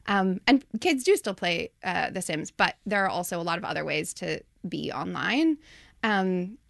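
A woman's voice: on the low side, expressive, moderate pace, gravelly, fairly bright tone, no room sound, clean studio sound. A woman in her twenties from Ohio, a playwright answering interview questions thoughtfully, with many ums. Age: 20s.

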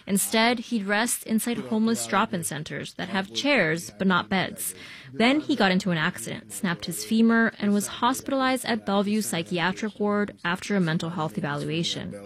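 A woman reading a radio news report in a measured, even way. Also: medium pitch. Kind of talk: scripted news narration.

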